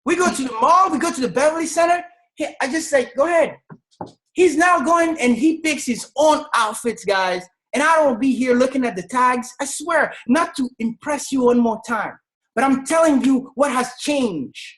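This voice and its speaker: A woman in her thirties from Senegal giving an energetic, emphatic motivational testimony on a video call, often raising her voice to tell her story. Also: high voice, moderate pace, low-quality recording. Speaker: network marketing leader.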